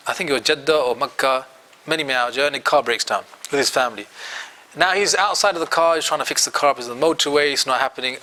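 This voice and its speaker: A man with a British accent teaching an Islamic studies class, telling a story in an animated way and acting out its dialogue. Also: fairly high pitch. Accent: British English.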